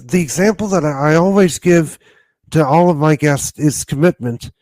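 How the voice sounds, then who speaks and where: Man, somewhat high voice, halting host questions, dry room. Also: a little mellow, no echo. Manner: halting, many fillers and restarts while asking. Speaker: podcast host. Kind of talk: podcast interview.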